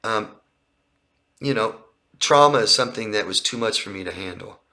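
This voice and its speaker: A man's voice: lowish voice, expressive, moderate pace, sharp tone. A man working as a relationship coach, answering viewer questions in a live Q&A with an earnest, explanatory manner, outdoors by a street. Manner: earnest, explanatory, repeats and restarts phrases.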